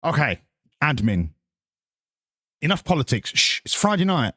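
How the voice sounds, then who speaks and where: A man's voice: on the high side, big pitch swings, unhurried, sharp tone, breathy edge, no room sound, clean studio sound. A man streaming a game, chatting casually, swearing and riffing sarcastically while reading chat. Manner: sweary, sarcastic, rambling, reads chat aloud.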